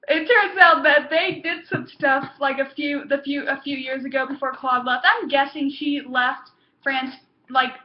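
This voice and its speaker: A young woman with a high voice gushes through a casual TV episode review, her talk packed with fillers and excited exclamations. The sound is dull and lo-fi, with a noticeable room echo. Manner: gushing, excitable, lots of fillers.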